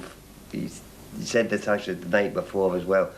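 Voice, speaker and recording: A man giving a halting archival interview, often repeating and restarting his words. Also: low-pitched, steady tone, slight background noise, low-quality recording.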